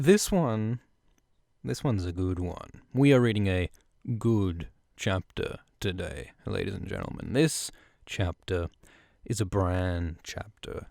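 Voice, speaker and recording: Irreverent low-voiced man recapping a book. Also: vocal fry, darkish tone, no room sound, studio quality. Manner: irreverent, swearing, enthusiastic. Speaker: podcast host. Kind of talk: casual book-chapter recap.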